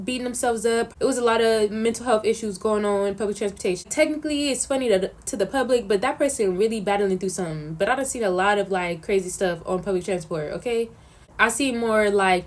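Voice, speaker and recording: A young woman answering questions in a casual vlog, telling stories in an animated, slangy way. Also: mid-range voice. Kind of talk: casual chat.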